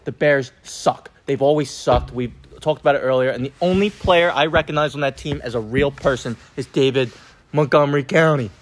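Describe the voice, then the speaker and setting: A man's voice: mid-range voice, a little fast. A young man co-hosting a casual sports podcast, ranting and joking brashly about football. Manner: brash, joking, animated rants. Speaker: podcast co-host.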